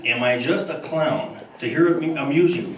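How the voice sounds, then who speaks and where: A man's voice: fairly high pitch, moderate pace, close to an everyday voice. A man impersonating a confrontational gangster character during a stand-up impressions bit. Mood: menacing. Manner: menacing, confrontational. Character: tough-guy gangster in a celebrity impression. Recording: echoey room from far off, loud crowd noise.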